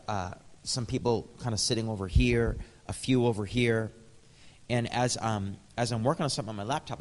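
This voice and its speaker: American preacher man in an echoing hall. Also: mid-range voice. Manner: conversational, chuckles often, acts out dialogue. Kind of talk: storytelling sermon.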